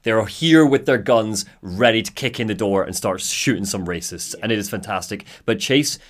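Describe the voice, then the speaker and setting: A man co-hosting a podcast describes a scene for listeners with clear enthusiasm. He restarts his sentences as he hurries to get the picture across, then settles on his point. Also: lowish voice, normal speed. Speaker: podcast co-host. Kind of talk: casual chat.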